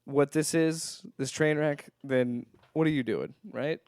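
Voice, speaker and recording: A young man co-hosting a podcast in a relaxed, agreeable way. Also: a little high, a little slow, no echo, clean studio sound. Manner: laid-back, agreeable, laughing easily. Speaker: podcast co-host. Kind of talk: casual chat.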